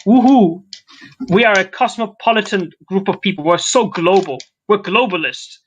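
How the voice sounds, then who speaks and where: A man's voice: high-pitched, normal speed, a bit bright, slight background noise. Sarcastic, rambling young-sounding man. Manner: rambling, sarcastic, swears casually. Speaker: podcast co-host. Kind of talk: casual chat.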